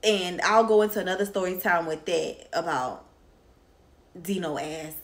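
A woman's voice: lowish voice, normal speed. A young woman, a vlogger, telling a candid, slangy story time, swearing freely as she goes. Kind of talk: casual storytime.

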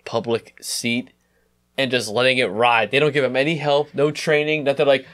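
A man's voice: medium pitch, level tone, normal speed, a bit bright. A man co-hosting a casual sports podcast, joking bluntly and jumping in with quips. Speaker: podcast co-host. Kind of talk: casual chat.

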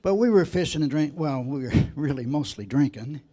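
Male stand-up comic, chatty joke teller, slightly high voice. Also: expressive, mellow. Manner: chatty storyteller, doing quick voices in quotes. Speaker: stand-up comedian.

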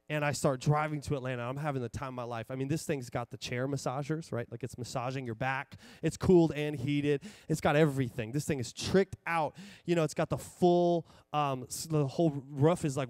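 A man's voice: on the high side, no echo, studio quality. A young adult man telling a long, rambling personal story during a church sermon, with many restarts and fillers. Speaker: pastor. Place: church stage.

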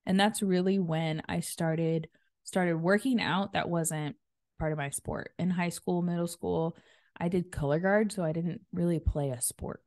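A woman's voice: lowish voice, steady tone, unhurried, a little mellow, no room sound, clean studio sound. A woman in her thirties hosting a casual solo podcast, upbeat and chatty with lots of filler words, buzzing after a workout. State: energized after a workout class. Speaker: podcast host.

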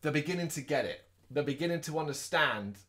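Animated man recapping a film. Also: on the high side. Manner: animated recapping, with quick asides in put-on voices. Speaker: podcast co-host. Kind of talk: casual movie review chat.

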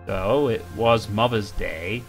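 A man's voice: lowish voice, takes it slowly, vocal fry, soft background music. A young man commentating a horror game, wry and jokey, breaking into yelps and laughter. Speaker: gaming streamer.

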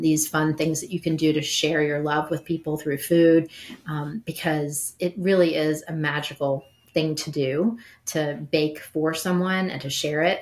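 A middle-aged woman hosting a podcast, talking in an enthusiastic, chatty way with plenty of fillers. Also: low-pitched. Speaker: podcast host. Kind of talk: casual chat.

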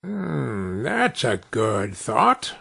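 Sly, furtive grown thieves, as a storyteller plays them, talking in a wary, hushed way. The voice is husky and slow, and its pitch moves around a lot. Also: male voice, huge pitch swings, exaggerated voice. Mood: scheming.

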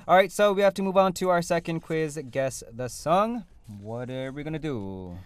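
A man's voice: on the high side, sing-song, moderate pace, smooth, dry recording. A man hosting a casual radio quiz chat in a studio, upbeat and laughing often. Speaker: radio host. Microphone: studio mic.

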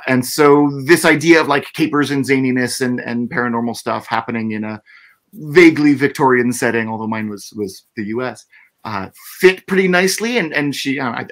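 A man's voice: medium pitch, fairly bright tone. A man talking as an author guest in a casual interview, chatty, with many fillers and restarts.

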